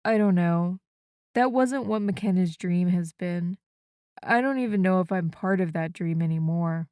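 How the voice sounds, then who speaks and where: Woman voicing a quiet, doubting man. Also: on the low side, unhurried, smooth, no room sound, clean studio sound, close to an everyday voice. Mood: doubtful. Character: troubled adult man, quiet and unsure. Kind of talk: audiobook character voice.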